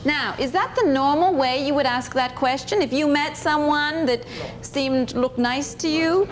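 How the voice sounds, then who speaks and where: A woman's voice: high voice, unhurried, background noise. A woman teacher leading a classroom discussion, asking her students questions and encouraging their answers. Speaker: English teacher.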